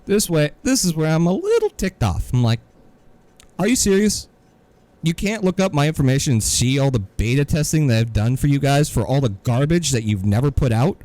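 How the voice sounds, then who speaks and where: A man's voice: mid-range voice, very animated, a little fast, hardly any pauses, mellow, no echo. A man co-hosting a podcast, telling a story in an exasperated, sarcastic rant. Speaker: podcast co-host. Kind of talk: casual ranting podcast chat.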